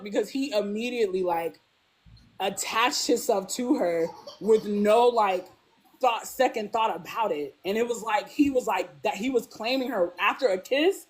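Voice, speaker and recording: Woman guest, chatty and animated, quoting characters with big swings. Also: a little slow. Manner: animated, acts out characters' lines with big pitch jumps; peppers speech with "like". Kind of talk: casual fan discussion.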